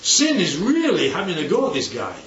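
A man's voice: sits high, huge pitch swings, fairly quick, fairly bright tone. A man giving an informal Bible teaching to a group, often asking the listeners questions and checking they follow. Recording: distant, dull, roomy recording with faint noise.

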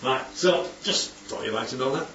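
Man, Bible study leader, animated, keeps checking for agreement; distant, echoey, muffled recording. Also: mid-range voice, normal speed, slight background noise. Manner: animated, asks for agreement often. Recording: roomy, distant, dull recording with faint background ambience.

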